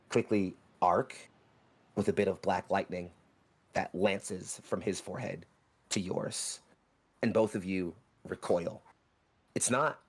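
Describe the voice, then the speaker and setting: A low-pitched man runs a tabletop role-playing game, spilling out scene description in quick, vivid bursts. He slows into explaining dice rules when needed. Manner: vivid, rushing descriptive narration. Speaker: game master.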